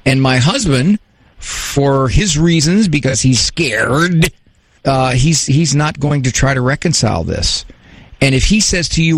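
Advice host: man, gravelly and husky, frank and emphatic, dry close sound. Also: medium pitch, expressive, measured pace, no echo. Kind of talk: call-in advice talk.

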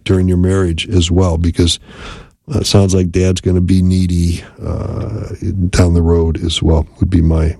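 Gravelly-voiced male radio therapist. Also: lowish voice, dry recording, clean studio sound. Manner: calm, counseling, repeats "right?" often. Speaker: radio host and marriage therapist. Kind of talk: advice call-in radio talk.

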